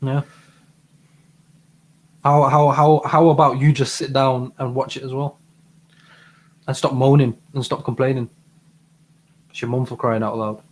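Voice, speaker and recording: A man's voice: medium pitch, flat delivery, measured pace, pauses often, darkish tone. Eager man, stumbling repeats. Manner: enthusiastic, stumbles and repeats words, playful. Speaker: advice show co-host. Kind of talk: casual live-stream banter.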